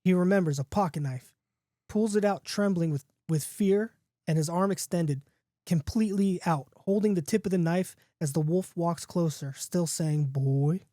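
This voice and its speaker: A man with a mellow, warm voice reads his homemade spooky story aloud in a podcast, chatty and playful. He is recorded close on a dry mic with no room sound. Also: high voice, normal speed, dry recording. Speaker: podcast host. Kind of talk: casually reading his own spooky story.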